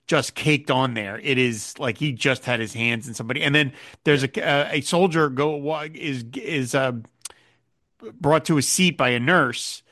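With a medium pitch and moderate pace, a man on a podcast co-hosting gig breezily retells a TV episode, voicing the quotes in character. The audio is clean studio sound with no echo.

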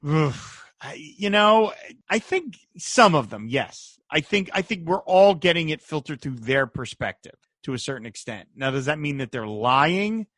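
A man's voice: a little high, a little slow, no echo, studio quality. A man co-hosting a podcast, chatting casually about an old movie and acting out lines in quoted voices. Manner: animated, acts out quoted voices. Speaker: podcast co-host. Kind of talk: casual film discussion.

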